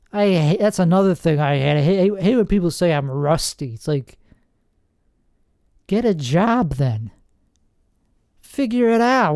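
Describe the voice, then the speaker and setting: A man's voice: fairly high pitch, darkish tone, no room sound, studio quality. A man hosting a solo podcast, rambling in a sarcastic, self-deprecating way. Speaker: podcast host.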